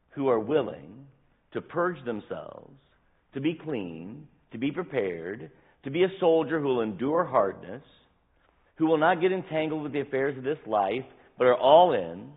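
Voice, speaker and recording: A male pastor preaching a sermon with animated delivery, acting out scripture quotes, his voice tiring. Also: mid-range voice, husky, phone-quality sound. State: voice tiring, dry throat. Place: church sanctuary.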